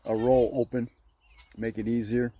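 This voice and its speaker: A man hosting a casual farm vlog outdoors, calmly explaining his chores to viewers while filming on a handheld action camera. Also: medium pitch, moderate pace, dry recording. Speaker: vlog host. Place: outdoors in a goat yard and barn.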